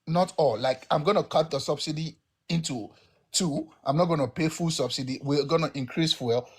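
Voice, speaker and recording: A man's voice: fairly high pitch, moderate pace, husky. A man with a Nigerian accent on a casual podcast, arguing bluntly and emphatically with examples. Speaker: podcast co-host.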